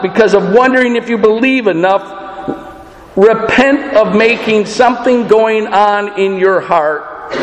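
Guy preaching a sermon, pretty high voice, lots of echo like a big church. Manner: earnest, emphatic preaching with rhetorical questions. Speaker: pastor.

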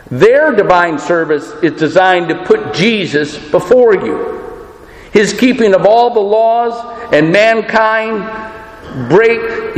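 A man's voice: sits high, echoey room, big-room sound, rough recording. A man preaching a sermon as pastor, earnest and emphatic, posing rhetorical questions.

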